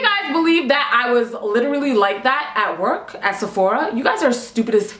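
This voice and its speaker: A young woman telling a casual storytime vlog in a sassy, blunt and animated way, recorded on a camera mic in an indoor room. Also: on the high side, moderate pace, few pauses, slight background noise. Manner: sassy, animated and blunt, swinging into a loud put-on diva voice. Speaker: vlogger. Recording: echoey room with faint music.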